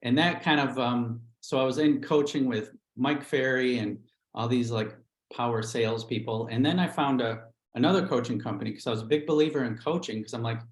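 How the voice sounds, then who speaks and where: A man's voice: medium pitch, brisk, roomy sound, low-quality recording. A middle-aged man, a real estate agent, telling his career story candidly on a livestream interview, acting out quotes as he goes.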